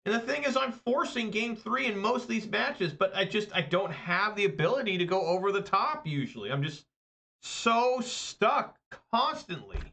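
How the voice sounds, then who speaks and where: A man's voice: sits high, gravelly, pushed and bright. A man, a streamer and family man, venting to his viewers in a casual rant, exasperated and swearing freely as he runs himself down. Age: adult with wife and kids. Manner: exasperated, profane, self-deprecating venting. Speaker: streamer and channel host.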